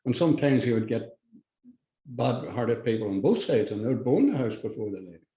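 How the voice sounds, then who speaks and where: An older Irish man, a podcast guest, talking in a halting, blunt way with frequent restarts and swearing. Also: medium pitch, expressive, mellow, echoey room, highs cut off. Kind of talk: casual conversational interview.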